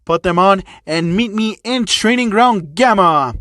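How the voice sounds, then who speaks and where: A man voicing a grand, upbeat hero teacher, raising his voice into loud proclamations. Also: high voice, expressive, a little slow, no echo, studio quality. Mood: booming. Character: booming heroic male teacher, grand and upbeat.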